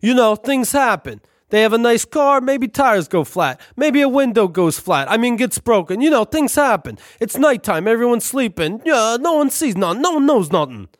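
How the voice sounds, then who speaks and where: A man's voice: extremely high pitch, big pitch swings, moderate pace, hardly any pauses, no room sound, studio quality, pitched above the performer's own voice. A man voicing a scheming middle-aged Italian-American landlord with a thick accent. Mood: conspiratorial.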